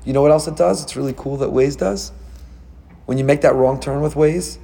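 A man giving a sermon as a rabbi, animated and full of rhetorical questions, with Hebrew terms mixed in. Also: mid-range voice, a little fast, creaky, husky.

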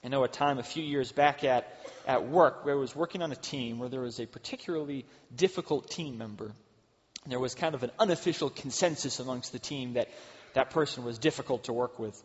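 A middle-aged man giving a sermon as a pastor, earnest, rising to loud emphasis and dropping to hushed asides. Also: mid-range voice, fairly quick. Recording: dull sound with long hall reverb.

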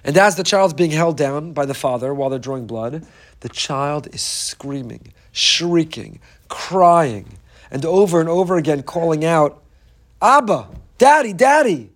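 Guy giving a heartfelt torah talk, kinda high voice, repeats stuff for emphasis. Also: measured pace. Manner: earnest, emphatic storytelling with repeated phrases. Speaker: Torah teacher.

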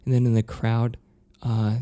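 Animated man telling a story. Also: mid-range voice, a little slow. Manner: animated, acts out quoted voices, stammers when flustered. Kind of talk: casual storytelling chat.

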